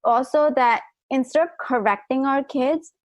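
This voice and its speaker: A middle-aged woman hosting an interview, speaking haltingly with frequent restarts and fillers. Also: sits high, no room sound. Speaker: podcast host. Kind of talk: casual interview chat.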